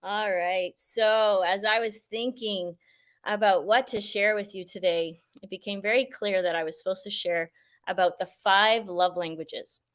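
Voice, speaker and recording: A woman's voice: mid-range voice, fairly even intonation, measured pace. A woman hosting a live show, effusive and enthusiastic, laughing often as she talks. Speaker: show host. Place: outdoors near a mountain.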